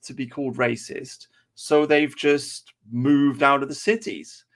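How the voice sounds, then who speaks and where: A man's voice: medium pitch, steady tone, a little slow. A man chatting on a podcast, ranting and swearing heavily. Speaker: podcast co-host. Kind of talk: casual chat.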